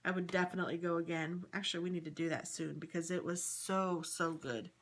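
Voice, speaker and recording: A woman's voice: lowish voice, fairly even intonation, brisk. A woman casually chatting through a flip-through of her craft planner, upbeat and rambling. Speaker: crafting vlogger.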